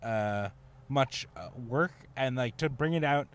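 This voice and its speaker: A podcast co-host tells a story in a casual chat, rambling, laughing and using lots of fillers. His voice is mid-range and clean, and he speaks at a measured pace.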